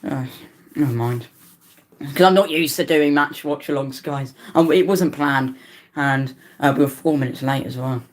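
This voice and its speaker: Young male fan commentator, late teens, tired, stumbling play-by-play that spikes up excitedly. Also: moderate pace. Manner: excitable play-by-play that jumps up in pitch on attacks; rambling, with stumbles and restarts. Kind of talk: live match watch-along commentary.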